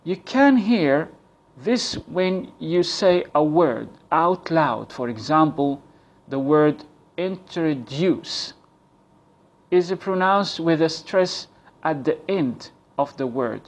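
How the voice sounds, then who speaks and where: A man teaches English pronunciation at an unhurried, careful pace. His voice sits somewhat high for a man. He repeats key points and sounds out example words slowly. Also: expressive. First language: Arabic. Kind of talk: slow, deliberate pronunciation lesson.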